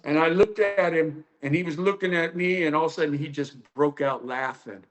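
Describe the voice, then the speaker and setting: A man with a fairly high voice tells old training stories in a loose, rambling way. He fills the gaps with "uh" and "you know" and acts out what others said. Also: fairly quick. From United States. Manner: anecdotal, many fillers, acts out quotes. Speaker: karate instructor. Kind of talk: storytelling interview.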